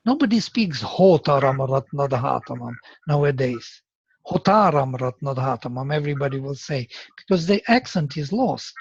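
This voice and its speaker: A man teaching Sanskrit in a seminar, speaking as a with many pauses and chanting verses aloud. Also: medium pitch, animated, husky, no room sound. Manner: slow, halting, chants verses. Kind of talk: seminar lecture with recitation. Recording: dull, dry lo-fi recording.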